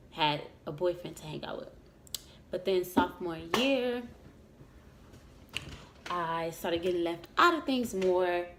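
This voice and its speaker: A woman's voice: fairly low pitch, slight background noise. A young woman vlogger telling a story about herself in a casual, rambling way, with frequent restarts and fillers. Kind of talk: story time vlog.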